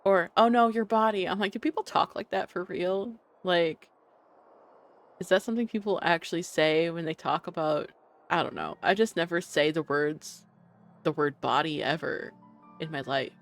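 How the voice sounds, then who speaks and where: A woman's voice: deep voice, moderate pace. A woman streamer giving casual live commentary over a game, chatty, gushing, and prone to rambling tangents. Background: game music.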